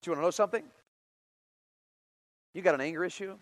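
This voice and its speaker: A middle-aged man preaches with a notably high voice for a man, telling stories in an animated way. He moves between loud bursts and quiet, low passages. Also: quick pace, low-quality recording. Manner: animated storytelling with big swings in loudness. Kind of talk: sermon.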